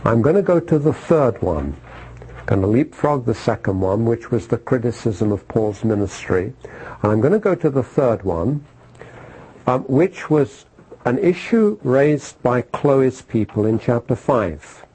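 A man's voice: medium pitch, lively intonation, unhurried, dark tone, a little hiss or hum, low-quality recording. A man preaching a sermon, repeating phrases for emphasis and asking his listeners questions.

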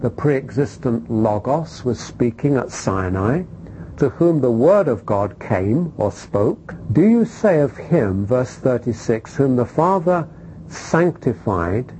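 A man's voice: sing-song, takes it slowly, dark tone, a little hiss or hum, low-quality recording. A man preaching a sermon and teaching from scripture, emphatic, with rhetorical questions and repetition. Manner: emphatic, rising to stressed peaks then dropping low.

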